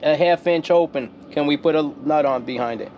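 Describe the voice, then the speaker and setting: A man's voice: fairly high pitch, a little fast, highs cut off. A man helping with a van install, directing and asking practical questions. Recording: from a distance, faint noise.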